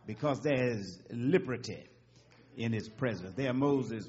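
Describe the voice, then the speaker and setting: A man's voice: medium pitch, expressive, unhurried, darkish tone. A man preaching a sermon, emphatic and rhythmic, punctuating with amens. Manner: emphatic call-and-response preaching with frequent amens. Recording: dull lo-fi recording.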